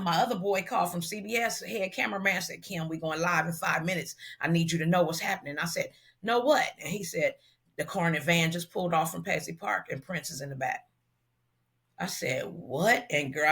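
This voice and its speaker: A middle-aged woman from Los Angeles, a hairstylist guest telling a story in an interview and acting out the dialogue as she goes. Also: lowish voice. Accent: Southern California African American Vernacular. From Los Angeles, USA. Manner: animated storyteller who acts out quoted dialogue.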